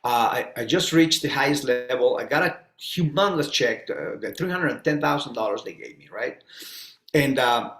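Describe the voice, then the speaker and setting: A man telling his story as a podcast guest, animated and acting out the dialogue in it. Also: mid-range voice, normal speed, reverberant. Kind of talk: conversational storytelling.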